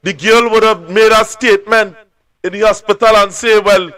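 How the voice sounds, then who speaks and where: A Trinidadian man hosts a live call-in show, blunt and emphatic. His voice is high and bright. The sound is dry and close. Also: steady tone, normal speed, no echo. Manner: blunt, emphatic, repeats phrases. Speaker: talk show host.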